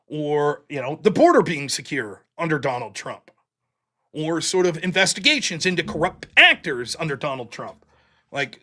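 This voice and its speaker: A man's voice: fairly high pitch, bright, forceful tone. A man hosting his own live stream, talking casually to his audience in a blunt, rambling way with some mild profanity. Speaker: livestream show host.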